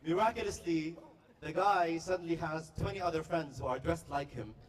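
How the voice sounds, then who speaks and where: A man performing stand-up comedy at a staff party, telling stories with quick, playful delivery and deadpan punchlines. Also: on the high side, recorded from a distance. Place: party venue before a live audience.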